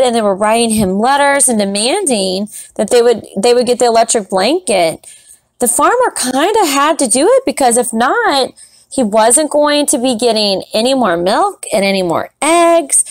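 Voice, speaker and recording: A woman teacher reading a picture book aloud to young students in a gentle, encouraging way. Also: a little high, expressive, moderate pace, dry recording. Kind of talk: children's read-aloud. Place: classroom recording setup.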